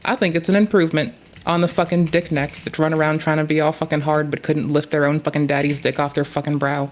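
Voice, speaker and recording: A man's voice: fairly high pitch, little pitch movement, fast talker, slight background noise. Crude, foul-mouthed man ranting. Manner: crude, profane, blunt. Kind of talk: casual rant.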